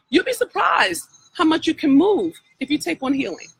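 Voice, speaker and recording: A woman's voice: high-pitched, big pitch swings, moderate pace, creaky, dry recording, rough recording. A woman coach giving a heartfelt, preacher-like healing talk on a live stream, speaking directly to her listeners. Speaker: spiritual wealth coach.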